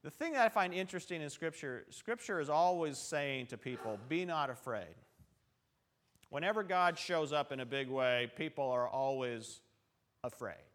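A man preaching a relaxed, conversational sermon in a church, telling stories and talking straight to the congregation. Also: a little high, moderate pace. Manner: chatty and storytelling, with asides to the congregation. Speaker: pastor. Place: church sanctuary.

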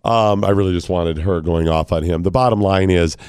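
A man's voice: low-pitched, a little fast, a little mellow, clean tone. A man hosting a talk radio show, ranting emphatically with mocking quotes. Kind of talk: opinionated talk radio commentary.

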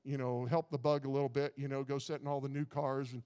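A man's voice: mid-range voice, level tone, fast, warm tone, clear, resonant tone. Folksy male preacher in a reverberant hall. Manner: folksy, repeats words at restarts. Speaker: pastor. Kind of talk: sermon.

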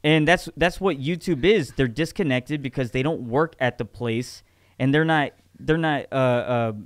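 A man's voice: medium pitch, normal speed, clear, resonant tone, no room sound, studio quality. A man co-hosting a podcast in casual chat, ranting with profanity and frequent restarts. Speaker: podcast co-host.

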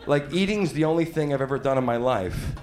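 A man's voice: medium pitch, brisk, a little mellow, echoey room. A man, a stand-up comedian chatting casually on a podcast and laughing through his punchlines.

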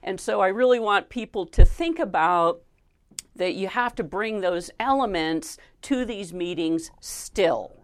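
A woman's voice: medium pitch, a little slow. A woman hosting an interview who asks long, thoughtful questions. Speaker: interview host. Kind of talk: conversational interview.

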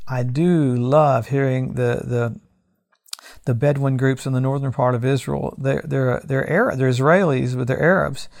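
A man's voice: medium pitch, fairly even intonation, normal speed, gravelly, a little mellow. A middle-aged man, a pastor giving end-times news commentary in an emphatic, conversational preaching manner with repeated phrases.

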